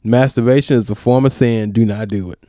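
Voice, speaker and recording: A man's voice: mid-range voice, steady tone, brisk, dark tone, no room sound, clean studio sound. A man co-hosting a podcast in loose, slangy, joking casual chat. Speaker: podcast co-host.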